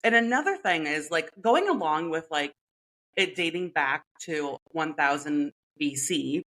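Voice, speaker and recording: Low-voiced chatty woman podcaster. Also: animated, measured pace, fairly bright tone, rough recording. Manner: chatty, playful, laughs often, many "like" fillers. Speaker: podcast co-host. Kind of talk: casual chat.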